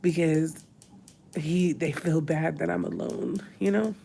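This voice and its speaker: A woman's voice: low voice, slow, vocal fry, warm tone, a little hiss or hum. A woman, crying as she talks openly in a personal vlog from a hospital room. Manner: tearful, talks through crying. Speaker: vlogger.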